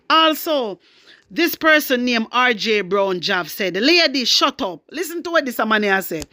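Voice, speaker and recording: A woman's voice: a little high, fairly bright tone. A Jamaican woman vlogger delivering an indignant, passionate commentary rant in patois. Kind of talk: ranting commentary vlog.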